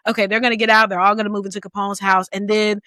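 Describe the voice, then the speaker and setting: A woman in her thirties co-hosting a podcast, chatting casually about a book in an animated, playful way and laughing often. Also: mid-range voice, racing, no echo. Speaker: podcast co-host.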